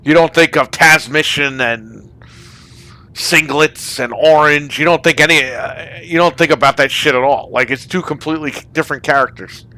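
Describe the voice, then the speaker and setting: A man with a somewhat high, bright voice rants on a casual gaming party chat. He curses freely and keeps asking if you know what he means. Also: normal speed. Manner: profane, ranting about wrestling. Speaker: podcast host.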